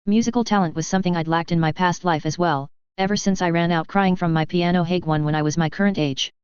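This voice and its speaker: A woman narrating a first-person story in a steady, even reading voice. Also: fairly low pitch, quick pace, clean tone, dry recording. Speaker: fan fiction reader. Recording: dry, slightly dull lo-fi recording.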